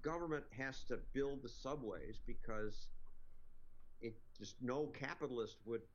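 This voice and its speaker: A man laying out his views in a measured, explanatory way during a debate. His voice is a bit husky, and the clip sounds dull and lo-fi. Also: mid-range voice. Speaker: libertarian debate guest. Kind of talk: debate argument.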